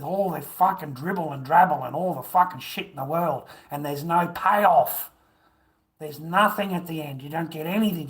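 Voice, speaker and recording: A man's voice: on the high side, a bit bright. A middle-aged man ranting crudely on a livestream, rambling, swearing and laughing. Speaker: livestream host. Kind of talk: ranting casual livestream chat.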